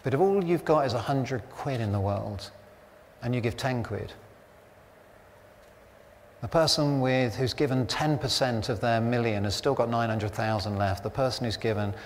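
A man in his fifties gives a sermon in a relaxed, anecdotal way, slipping in dry jokes. His voice sits at a middle pitch. It rings out through a church with a long reverb and a faint hum of ambience behind it. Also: moderate pace. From Britain. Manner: chatty, anecdotal, wry humour. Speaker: pastor.

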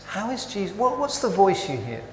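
In a church full of long, echoing reverb, a man with a high voice preaches briskly. His sermon is conversational, self-interrupting and packed with animated rhetorical questions, with slight background noise present.

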